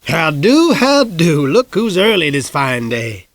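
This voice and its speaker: A man's voice: fairly high pitch, very animated, slow, a bit bright, dry recording, pitched above the performer's own voice, heavily acted. Man voicing a chatty folksy old gas station owner, dry close sound.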